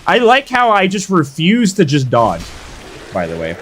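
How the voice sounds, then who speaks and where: A man's voice: high-pitched, a little slow, faint music behind. A young man streaming a game live, hyping up his fights and chatting casually with viewers. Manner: excitable, hyped shouts while fighting.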